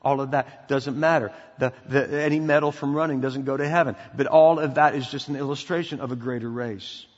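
A middle-aged pastor preaching a sermon, emphatic and preacherly, sometimes dropping to a quiet intensity. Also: male voice, medium pitch, fairly even intonation, fairly quick, hardly any pauses. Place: church sanctuary. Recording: dull sound in a reverberant hall.

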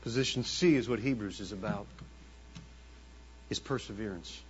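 A man preaching a sermon as the pastor, dramatic and swinging between hushed tones and loud bursts. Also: fairly low pitch, normal speed, a little hiss or hum. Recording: dull lo-fi sound with long hall reverb.

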